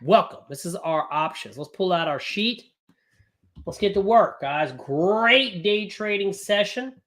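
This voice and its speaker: A man hosting a live trading class, talking casually with blunt, profane, energetic banter. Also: sits high, unhurried. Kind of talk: live-streamed casual teaching.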